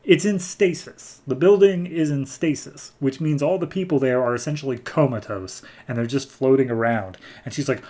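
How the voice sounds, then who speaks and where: A man's voice: medium pitch, warm tone. Chatty man recapping comics. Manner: loose, chatty, slips into quick character voices. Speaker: comic book podcast host.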